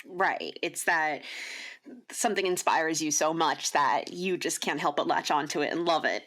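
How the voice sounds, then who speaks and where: A woman's voice: deep voice, normal speed, fairly bright tone. A woman hosting a podcast, opening with a scripted introduction and putting friendly questions to her guest. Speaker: podcast host. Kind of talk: interview hosting.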